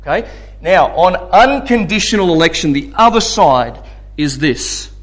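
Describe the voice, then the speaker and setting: A man's voice: on the high side, expressive, measured pace, a bit bright. A man teaching a sermon in a conversational way, often checking in with the audience. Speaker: preacher teaching a Bible study.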